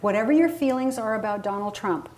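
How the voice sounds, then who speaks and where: A woman's voice: a little high, quick pace, a little mellow, slight background noise. A woman from Southern California telling stories in a casual interview, with folksy, emphatic asides.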